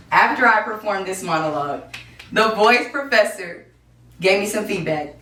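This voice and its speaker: A young woman from Kansas City, Missouri, telling her own story in a one-woman stage show, lively and playful. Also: mid-range voice, normal speed. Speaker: solo performer. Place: stage in a performance space. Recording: roomy live stage, distant mic, music.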